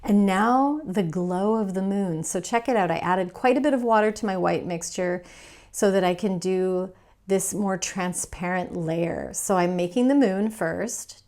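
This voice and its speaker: Woman, mid pitch, gravelly fry, relaxed chatty painting teacher with self-deprecating humor. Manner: chatty, playful, quick to laugh, self-deprecating. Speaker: painting instructor. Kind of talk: casual painting tutorial.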